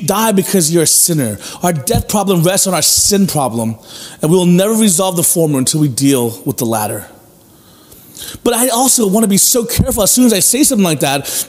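A man's voice: high voice, a little mellow. A male pastor preaching a sermon, earnest and emphatic, repeating key phrases and asking rhetorical questions. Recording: long hall reverb with faint music.

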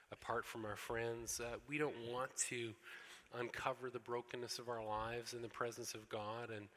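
A male pastor preaching a sermon in an earnest, emphatic manner, slowing down for key phrases. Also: medium pitch, bright, forceful tone. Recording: echoey hall.

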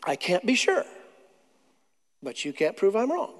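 High-voiced preacher in a reverberant hall. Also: male voice. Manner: animated storytelling with jokes and dramatic pauses. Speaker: pastor. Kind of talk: sermon.

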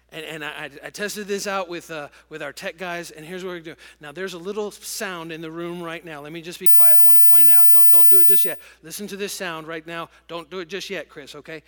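A middle-aged man preaching a sermon to a congregation, telling stories in an animated, emotional way. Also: fairly high pitch. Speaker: pastor. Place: large church auditorium with congregation. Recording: long church hall reverb.

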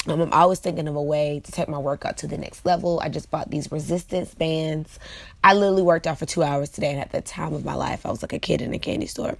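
Low, gravelly-voiced woman in her late twenties. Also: steady tone, fast, dry recording. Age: late 20s. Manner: chatty, frequent fillers, talks to viewers directly. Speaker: vlog host. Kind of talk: casual motivational vlog monologue.

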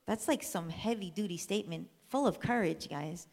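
A woman telling a Bible story as a sermon, lively and conversational, drawing the listeners in. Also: fairly low pitch, moderate pace, gravelly, husky. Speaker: church speaker. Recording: long reverb of a large hall.

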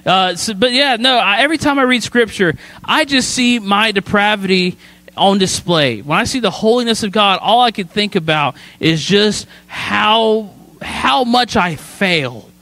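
A man's voice: high voice, sharp tone, dry recording. A man, a student pastor, preaching a sermon in a chatty storytelling way, often checking in with "right?". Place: church sanctuary.

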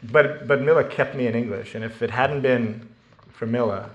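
A man's voice: mid-range voice, normal speed, echoey room, muffled recording. A man giving a talk before reading from his novel to an audience, self-deprecating and joking, with plenty of ums and restarts. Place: lecture room with an audience.

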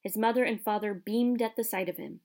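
A woman narrating a storybook in a soft, measured, hushed way. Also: medium pitch. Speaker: audiobook narrator.

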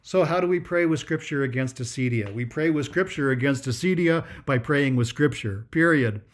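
A man giving a Christian spiritual talk, emphatic and repetitive, stretching out key words. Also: medium pitch. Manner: emphatic, repetitive, drawn-out stresses. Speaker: Christian speaker.

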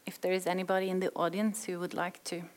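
A woman's voice: fairly low pitch, level tone, fast. A woman moderating an author event, opening the floor to questions and thanking the audience. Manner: brief and polite. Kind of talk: moderating a book talk. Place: event room with a live audience.

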